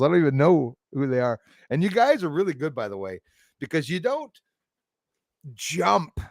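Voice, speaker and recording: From outdoors in a forest, a man hosts a live stream, chatting casually with his viewers in a blunt, profane, rambling way and laughing off critics. His voice is fairly high and gravelly, with no echo.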